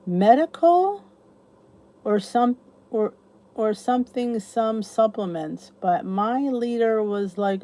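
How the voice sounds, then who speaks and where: Middle-aged woman, host of a casual live chat, soft mellow tone, chatty, reads out and answers viewer comments. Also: on the high side, lively intonation, slow pace. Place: cozy room downstairs at home.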